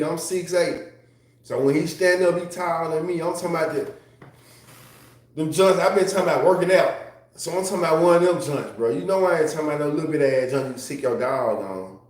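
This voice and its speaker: A man's voice: on the high side, a little mellow. A man chatting casually on a livestream, loose and profane, reading chat and laughing often. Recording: very echoey room.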